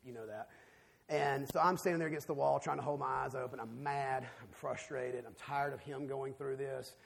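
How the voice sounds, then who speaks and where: A man preaching a sermon, telling a personal story and swinging between hushed, quiet passages and loud, emphatic ones. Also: medium pitch, creaky, breathy edge. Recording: long reverb of a large hall.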